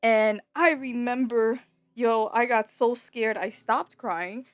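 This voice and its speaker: A woman's voice: fairly high pitch, slow, no echo. A young adult woman telling a personal story in a casual, rambling way, full of slang and filler words. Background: soft background music.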